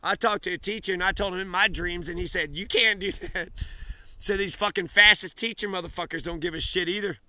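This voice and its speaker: A man's voice: high-pitched, fairly even intonation, brisk, pushed and bright. A man in an angry, profane rant to camera, swearing and hurling accusations.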